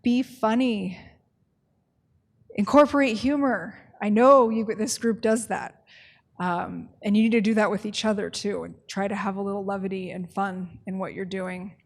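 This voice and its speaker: A woman leading a staff training workshop, talking in a brisk, conversational way and often checking in with the group. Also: medium pitch, fairly even intonation, vocal fry.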